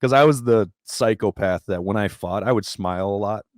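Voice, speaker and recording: A man's voice: lowish voice, brisk, no room sound, clean studio sound. A man guest on a podcast, a former fighter, telling stories in a casual, profane, laughing way. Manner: profane, laughing, energetic storytelling. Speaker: podcast guest, jiu-jitsu brown belt and former MMA fighter. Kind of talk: casual storytelling.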